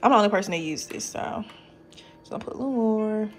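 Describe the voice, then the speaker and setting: A woman's voice: medium pitch, quick pace. A woman in her twenties touring her apartment in a casual vlog, chatting to viewers as y'all. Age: 20s. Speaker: nurse vlogger. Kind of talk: casual home tour vlog. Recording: echoey room with faint noise.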